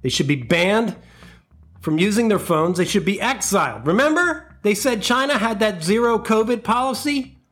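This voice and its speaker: A man hosting a comedy podcast, ranting in an animated, profane, mock-outraged monologue into a close mic. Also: high voice, normal speed.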